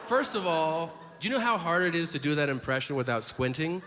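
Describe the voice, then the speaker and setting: A male stand-up comic with a high, animated voice that swings all over, firing off sarcastic, profane asides. He is heard live on a theater stage, with a long hall reverb and clear audience noise underneath. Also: a little fast, loud music behind the voice. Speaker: stand-up comedian. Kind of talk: stand-up comedy set.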